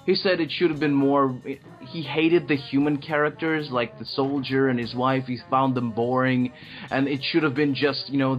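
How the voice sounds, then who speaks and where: A man co-hosting a casual movie chat, talking in excited, profane, rambling bursts with many restarts. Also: medium pitch, lo-fi sound. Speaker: podcast co-host.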